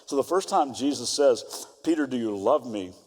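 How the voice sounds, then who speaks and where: A middle-aged man preaching a sermon as pastor, moving between fervent exhortation and quiet storytelling. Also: medium pitch, lively intonation, moderate pace. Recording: long hall reverb.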